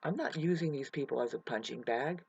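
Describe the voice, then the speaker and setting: Husky, emotional, swearing outdoor vlogger. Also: medium pitch, a little fast, darkish tone, dry recording, highs cut off. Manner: emotional, profane, restless. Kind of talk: rambling ranting monologue to camera. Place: outdoors in the mountains by a creek.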